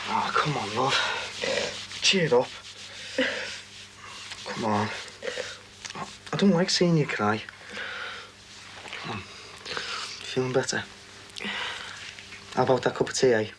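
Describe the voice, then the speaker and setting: A man's voice: mid-range voice, lively intonation, slow, long pauses. An actor playing a wisecracking young working-class man in a TV soap, teasing and sarcastic. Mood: comforting. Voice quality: teasing, sardonic. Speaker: son and boyfriend in a soap. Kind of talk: TV soap acting. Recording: noisy TV soundtrack.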